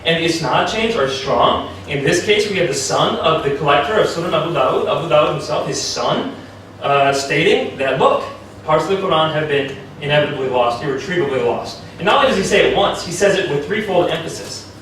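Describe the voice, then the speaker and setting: Man, formal debate speech, argumentative, emphatic pitch jumps, distant mic, very echoey hall. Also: animated, a bit bright, a little hiss or hum. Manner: argumentative, citing sources in quick succession.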